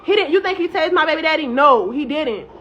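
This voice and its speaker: Young-sounding woman, high and bright, heated profane storyteller, dull lo-fi sound. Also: animated, a little fast, a little hiss or hum. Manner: emphatic, heated, profane, heavy use of "like". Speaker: woman recounting her arrest. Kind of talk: casual first-person account to camera. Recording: dull lo-fi audio.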